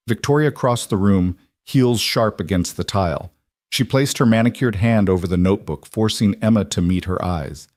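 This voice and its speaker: Steady male storyteller, low-pitched, dry close recording. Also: normal speed, no echo. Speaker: narrator. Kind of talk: scripted story narration.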